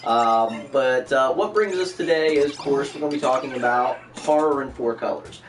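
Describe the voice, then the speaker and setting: A man hosting a podcast chats casually and jokes self-deprecatingly, his voice a little high and a little fast. The distant mic picks up background noise and a roomy sound, with faint music behind him.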